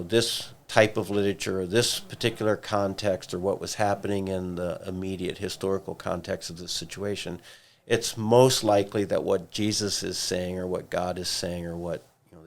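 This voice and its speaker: A man with a low, gravelly voice talks through ideas on a church podcast. He explains in a steady, measured way, pausing now and then to gather his thoughts. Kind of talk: casual podcast discussion.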